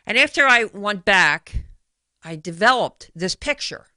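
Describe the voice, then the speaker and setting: Bright-voiced woman talk show host. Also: medium pitch, animated, a little slow, no room sound. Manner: chatty storyteller who retells conversations. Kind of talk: solo radio talk show monologue.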